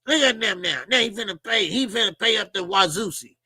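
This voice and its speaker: A man's voice: high-pitched, animated, brisk, sharp tone, husky, no echo. A middle-aged man hosting a boxing talk channel, ranting casually and profanely, often mimicking people in a mocking voice. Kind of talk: casual commentary monologue.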